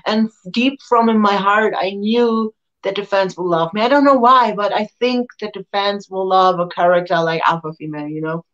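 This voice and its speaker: A woman in her thirties recounts her wrestling days in a relaxed, animated way. She laughs easily and slips into the voices of people in her stories. The audio is slightly dull and muffled. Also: mid-range voice, moderate pace. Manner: lively, laughs often, acts out quoted voices. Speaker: interview guest, professional wrestler. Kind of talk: casual storytelling.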